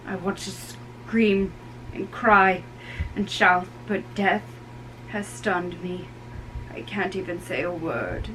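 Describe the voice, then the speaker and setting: A young performer reading the part of a grieving older nobleman, forcing the voice deep and mournful in a play recorded from a distance. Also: background noise, close to an everyday voice. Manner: slow, mournful, heavy.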